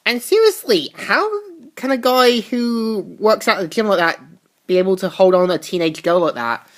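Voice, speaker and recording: A woman's voice: mid-range voice, expressive, normal speed. A woman reviewing a comic book, recapping the plot casually with asides.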